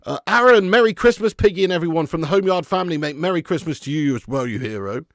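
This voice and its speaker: A man hosting a live match watch-along, chatting excitedly with viewers and calling them mate and lad. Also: a little high, fast talker, no echo, clean studio sound. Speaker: fan channel host doing a live match watch-along. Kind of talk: casual live-stream commentary and chat.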